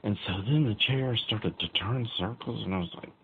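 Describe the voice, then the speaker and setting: Deep gravelly man on a tinny line. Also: moderate pace. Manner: rambling, chuckling, many fillers. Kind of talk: casual retelling of a dream. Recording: tinny phone-like recording with faint noise.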